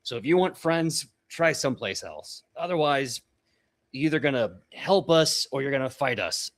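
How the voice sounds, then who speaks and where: Man voicing a gruff orc warrior woman. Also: mid-range voice, expressive, normal speed, close to an everyday voice. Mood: hostile. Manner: blunt, confrontational, snapping questions. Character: gruff, short-tempered female orc warrior chief.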